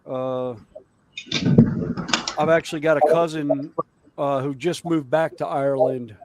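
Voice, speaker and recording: A man's voice: fairly high pitch, fairly even intonation, unhurried, very noisy. A man telling rambling, jokey stories in a casual chat, with many fillers. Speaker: guest on a hobby livestream.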